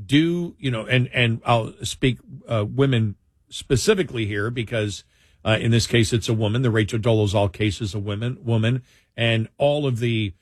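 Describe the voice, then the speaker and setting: An older man from New York talking in casual chat, animated and prone to mocking quoted voices. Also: medium pitch, slightly rough, no room sound, studio quality. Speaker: co-host.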